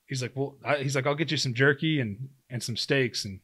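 A man's voice: medium pitch, brisk, a bit bright, slightly rough. A man in his thirties, a podcast guest, telling a story in casual conversation, acting out his own quotes with lots of fillers. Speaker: guest, former pro football player turned hunter.

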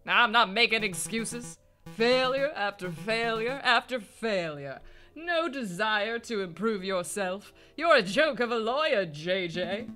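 A scornful aristocratic bird lady who talks down with cold, haughty contempt, voiced by a player reading a game. The tone is bright, with faint music behind. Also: medium pitch, expressive, measured pace.

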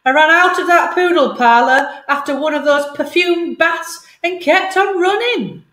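A woman's voice: high-pitched, measured pace, sharp tone, roomy sound, voice pushed up. A woman voicing a scrappy male terrier in a gang, speaking with a snarl. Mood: proud. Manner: snarling, rough and eager.

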